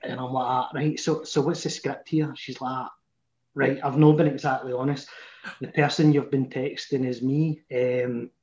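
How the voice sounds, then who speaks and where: A man's voice: little pitch movement, a little slow, a little mellow. A Scottish man in his thirties with a Glasgow accent, telling a long, sweary personal story to friends in a casual chat. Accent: Scottish, Glaswegian. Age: 30s. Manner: chatty, swearing, dropping to a low mutter for his inner thoughts. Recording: echoey room, muffled sound.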